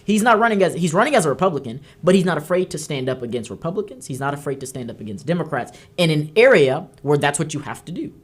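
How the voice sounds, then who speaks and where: A woman's voice: sits low, very animated, fast talker, hardly any pauses, slightly rough. A woman hosting a political talk show, delivering heated commentary and scolding emphatically. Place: studio.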